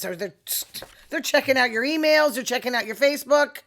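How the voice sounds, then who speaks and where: A woman's voice: fairly high pitch, brisk, a bit bright. A middle-aged woman, hosting a casual opinion monologue with sarcastic asides. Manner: chatty, sarcastic asides, quoting others in voices. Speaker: podcast host.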